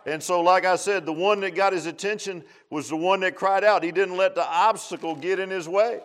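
A man preaching a sermon in a folksy way, swinging between quiet asides and loud exhortation. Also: high-pitched, fairly even intonation, fairly quick. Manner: repeats "I'm gonna tell you what" and "man", asks "huh?".

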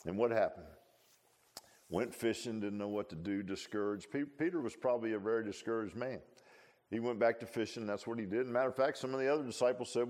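A man's voice: mid-range voice, a little fast, a little mellow. A man preaching a sermon in a folksy, conversational way, full of rhetorical questions and asides.

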